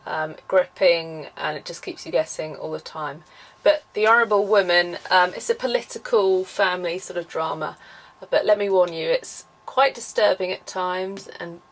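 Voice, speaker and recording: A woman's voice: fairly low pitch, moderate pace, low-quality recording. Chatty woman vlogging. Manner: chatty, filler-heavy, enthusiastic. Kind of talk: casual vlog talk to camera.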